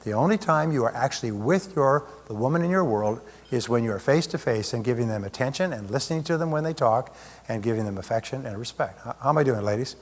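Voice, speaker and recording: A man's voice: medium pitch, lively intonation, fast talker. Man giving a seminar talk in a reverberant hall. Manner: conversational, asks rhetorical questions. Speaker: motivational speaker.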